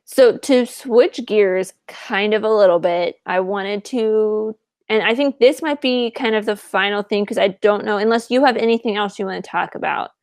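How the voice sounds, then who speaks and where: A woman's voice: medium pitch, normal speed, darkish tone, no echo. Woman, podcast co-host, casual chat, chatty, filler words, dry close sound.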